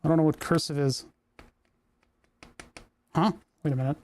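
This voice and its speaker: A man with a slightly high, steady, darkish voice talks at a normal pace, hiccuping as he casually chats while tinkering in his indoor workshop. He's a maker streaming a workshop project, rambling and amused at himself, captured on a lapel mic.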